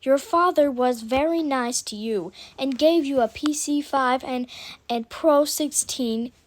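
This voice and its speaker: A woman's voice: high voice, measured pace, slight background noise. A woman voicing an indignant, grieving mother scolding her rude son in a spoken story.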